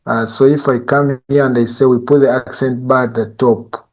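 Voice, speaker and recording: A male instructor giving a live software tutorial, talking conversationally and often checking in with "eh?" and "you see?". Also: medium pitch, little pitch movement, normal speed, dull audio.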